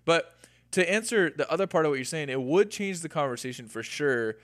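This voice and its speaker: A man's voice: fairly high pitch, lively intonation, brisk, dry recording, clean studio sound. Earnest man explaining at length. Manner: earnest, explains with extended examples. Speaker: podcast co-host. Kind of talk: casual conversation.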